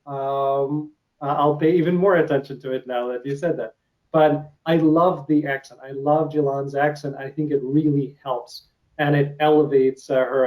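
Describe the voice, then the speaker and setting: A man's voice: medium pitch, highs cut off. A man from Ukraine with a Russian accent, hosting an interview in a casual, hesitant way with many uh fillers. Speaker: interview host.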